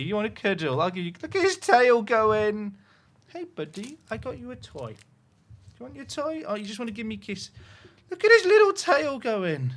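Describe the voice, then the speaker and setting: A man's voice: sits high, huge pitch swings, normal speed, fairly bright tone. A man on a headset mic, talking to his livestream chat while cooing to his dog in baby talk. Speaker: game streamer.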